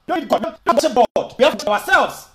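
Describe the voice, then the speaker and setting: A Ghanaian man with a high voice makes his case in video commentary, switching between Twi and English. He talks in an argumentative way and keeps asking rhetorical questions. The sound bounces around an echoey room. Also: big pitch swings, fast talker, crowd noise. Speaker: online commentator.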